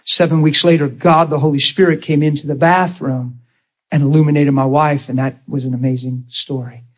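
Preacher guy, kinda husky and a bit high, folksy, tells stories and does little voices. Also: steady tone, a little fast. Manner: folksy storytelling, acts out quoted voices. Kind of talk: sermon.

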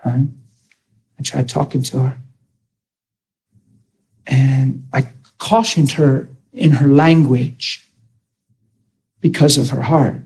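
A man's voice: medium pitch, takes it slowly, long pauses, mellow, breathy edge. A man preaching to a class in a sermon-style talk, emphatic and often asking the listeners if they follow him. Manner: emphatic, with rhetorical questions to the listeners.

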